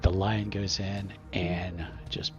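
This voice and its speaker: A man narrating as game master in a halting way, full of restarts. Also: deep voice, little pitch movement, lo-fi sound, music in the background. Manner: halting, lots of restarts and fillers.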